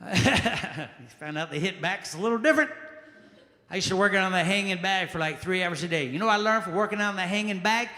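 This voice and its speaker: A man from Charleston doing a loud, punchy stand-up set and working the crowd in a small jazz club. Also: high voice, a little fast. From Charleston, South Carolina. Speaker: stand-up comedian. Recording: echoey club room with long reverb.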